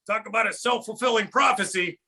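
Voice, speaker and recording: A man voicing a brash puppet comedian who tells holiday puns and shouts his punchlines. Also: high voice, fairly quick, voice pushed down, heavily acted.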